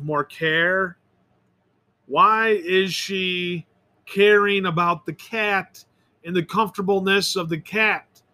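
This is a solo podcast monologue from an opinionated man who wanders from point to point. His pitch is high for a man, his tone stays bright and sharp, and he regularly fumbles words and circles back.

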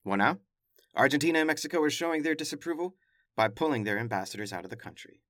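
A man's voice: a little high, animated, fast talker, a bit bright, no room sound, studio quality. A man hosting a news podcast, reading headlines and commenting in a casual, emphatic way with wry asides. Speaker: podcast host.

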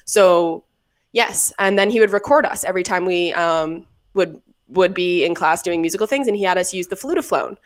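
Rambling, lower-voiced young woman storyteller. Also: moderate pace. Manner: rambling storyteller, frequent fillers and laughs. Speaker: podcast co-host. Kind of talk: casual chat.

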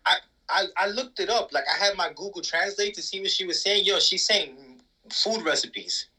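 A man co-hosting a casual wrestling chat, talking in an animated, profane, emphatic way. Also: sits high, normal speed, breathy edge, poor audio. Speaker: podcast co-host.

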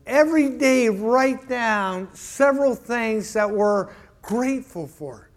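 A man's voice: very high-pitched, expressive, takes it slowly. A man preaching a sermon in a church, telling a joke and often repeating words as he restarts. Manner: stammering repetitions, storytelling. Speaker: pastor.

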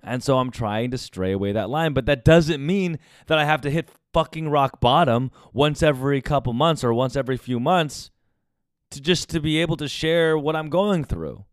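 This podcast host is a young man from the US delivering a relaxed, confessional monologue full of profanity. He talks at an ordinary speed in a fairly high voice, and the studio-quality recording has no room sound.

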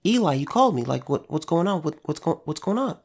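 A man's voice: on the high side, sing-song, fast talker, darkish tone, pitched above the performer's own voice. A man voicing a young boy who serves in a temple, confused and stammering as he retells the story.

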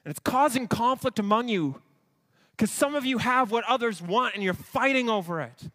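A man's voice: very high-pitched, lively intonation, normal speed, fairly bright tone. A man preaching a sermon to a congregation, earnest, with quoted asides and restarts. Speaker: pastor.

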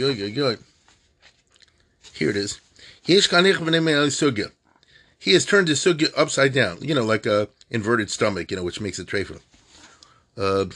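A man giving an informal lesson, reading Hebrew passages slowly and explaining them in casual, halting asides. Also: medium pitch, fairly bright tone. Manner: hesitant, many fillers and restarts. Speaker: Torah teacher. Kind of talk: informal text study lesson.

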